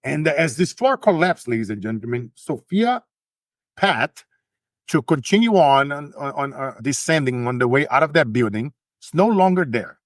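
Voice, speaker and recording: A man's voice: mid-range voice, big pitch swings, normal speed, no echo. Preachy male host rallying listeners. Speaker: host and motivational speaker. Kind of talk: motivational podcast hosting.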